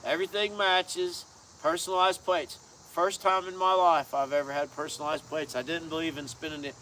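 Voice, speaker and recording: A man's voice: on the high side, level tone, normal speed, pushed and bright. Folksy rambling man, outdoors. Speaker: co-host of a car-build channel. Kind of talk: casual live chat. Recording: faint outdoor insect noise.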